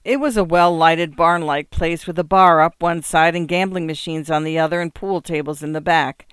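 A man narrating a story in a measured, subdued reading. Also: on the high side, steady tone, a bit bright, clean tone, no room sound, clean studio sound.

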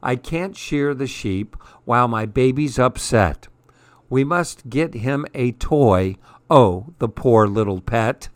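A man's voice: medium pitch, animated, takes it slowly, no room sound. A man doing a fussy hairdresser dad. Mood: fretful. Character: fussy male hairdresser, doting father.

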